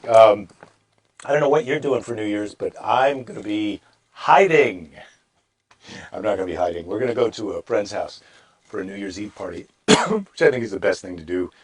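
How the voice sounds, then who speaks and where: Middle-aged male comic host, lively up-and-down delivery, wry and rambling, mock-dramatic when reading. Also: medium pitch. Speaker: comedian hosting a daily live stream. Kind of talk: casual comedic chat with Bible reading.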